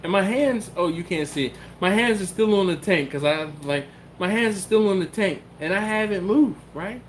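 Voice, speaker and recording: A man's voice: sits high, normal speed, slight background noise. A man from the Philadelphia area hosting a live stream, telling a story in casual talk and acting out the quotes. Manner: animated, acts out quotes and cat sounds. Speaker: YouTube host.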